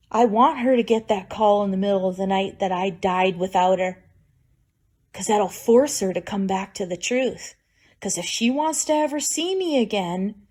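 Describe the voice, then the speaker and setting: A woman talking straight to camera in an emotional personal vlog, bitter and raw, with wry laughs between her points. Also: mid-range voice. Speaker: vlogger.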